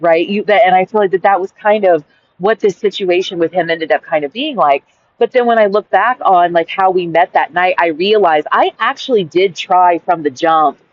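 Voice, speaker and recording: A woman who reads her old journal entry aloud, then tells the story in a frank, rambling way with lots of "like"s and a bit of swearing. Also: lowish voice. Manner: rambling, with many "like"s and restarts; frank and exasperated, swears freely. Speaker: vlogger. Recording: slightly dull lo-fi recording.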